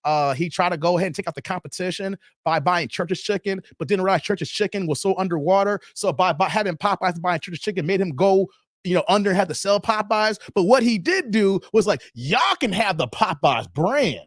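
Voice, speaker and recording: A man hosting a casual livestream chat, talking in an animated, slangy, rambling way and laughing often. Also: sits high, brisk, dry recording, studio quality. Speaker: show host.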